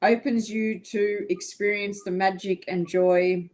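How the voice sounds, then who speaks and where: A woman slowly reading a description of a crystal aloud to viewers of a live stream. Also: mid-range voice, steady tone, a little mellow. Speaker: co-host.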